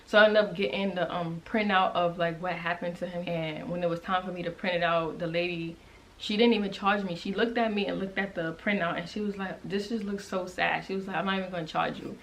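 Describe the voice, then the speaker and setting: Emotional young woman, halting storytime. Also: lowish voice, steady tone, fairly bright tone, slight background noise, poor audio. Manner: emotional, halting, with many restarts and fillers; conversational and direct to viewers. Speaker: vlogger. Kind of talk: casual storytime.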